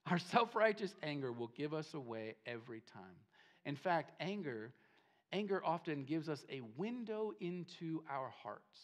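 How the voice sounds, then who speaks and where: Male pastor, sermon in a church; emphatic, repetitive, rising and falling delivery. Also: high voice. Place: church sanctuary.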